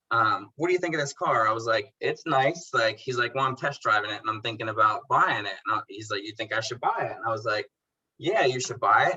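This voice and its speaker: A man's voice: mid-range voice, breathy edge, lo-fi sound. A man, a detailing business owner, chatting casually as a podcast guest and telling stories by acting out both sides of old conversations in a laid-back, slangy way. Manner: animated storyteller who acts out both sides of conversations; laid-back slang, calls people bro and dude. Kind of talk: casual interview chat.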